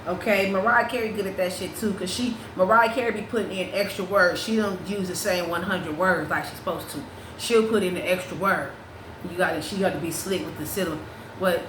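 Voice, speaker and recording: A woman hosting a casual chat, talking in an animated, profane way, restarting her sentences and breaking into sung snippets. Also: lowish voice, fairly quick, noisy background. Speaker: podcast host. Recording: roomy echo with faint ambience.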